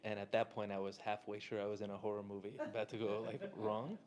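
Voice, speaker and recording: A man's voice: lowish voice, level tone, quick pace, darkish tone, slight background noise. A man from Southern California, a Torah teacher telling a casual, chatty story to a live audience, full of "like" and "uh".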